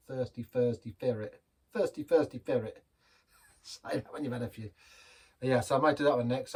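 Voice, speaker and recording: A man's voice: mid-range voice, husky. A man hosting a casual beer review vlog, talking in a rambling, chatty way full of asides and restarts.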